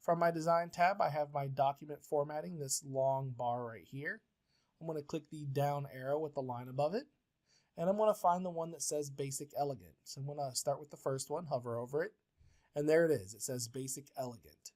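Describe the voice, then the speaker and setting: This is a professor's software tutorial on word processing, delivered patiently and plainly, step by step, with many fillers. The man's voice is fairly high and a little mellow, and he talks slightly fast.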